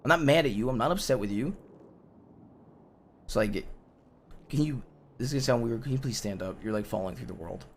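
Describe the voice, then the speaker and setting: A man's voice: mid-range voice, animated, fairly quick, long pauses, a little hiss or hum, close to an everyday voice. A man voicing an exasperated young man in an improvised game roleplay, pleading with his partner and tripping over his own restarts. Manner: pleading, repeats himself, stumbles over restarts. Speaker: roleplay character.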